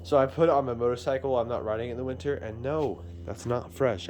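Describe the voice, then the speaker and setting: A vlogger rambles through casual, self-deprecating chat as he works on a car in his garage, recording on a handheld phone. His mid-range, slightly mellow voice moves quickly with fairly even intonation over a little hiss or hum.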